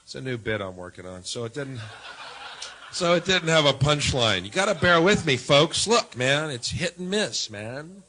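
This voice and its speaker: A man's voice: on the high side, sing-song, moderate pace, rough recording. Sardonic man doing stand-up. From United States. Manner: wry, sardonic, shifts between mutters and loud jabs. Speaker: stand-up comedian. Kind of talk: stand-up routine.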